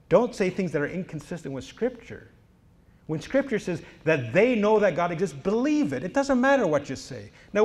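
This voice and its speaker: A middle-aged man delivers a preaching lecture to a conference crowd. His voice sits a little high and he drives points home with loud bursts, then drops low. He acts out back-and-forth exchanges as he goes. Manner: emphatic, rising to loud declarations then dropping low; lively, acts out quoted exchanges. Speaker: conference speaker. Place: conference hall.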